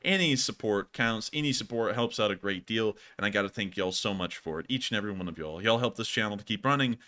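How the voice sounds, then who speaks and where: Bright-voiced man. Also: fairly low pitch, fast. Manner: animated, laughs often, says y'all. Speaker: host. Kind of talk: casual live-stream chat.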